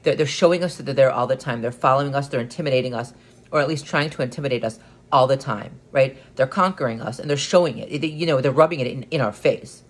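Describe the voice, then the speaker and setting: A man's voice: medium pitch, quick pace. A man giving an earnest solo monologue as a vlogger, often stumbling and repeating words as he restarts his sentences, and getting more emphatic as he goes on.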